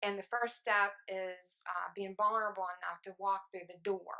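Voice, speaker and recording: Woman sharing her church testimony, candid and chatty, gravelly bright voice, dry close sound. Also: medium pitch, fairly even intonation, moderate pace, no echo. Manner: candid and conversational, acting out her own past thoughts. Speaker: church member giving testimony. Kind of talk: personal testimony to a congregation.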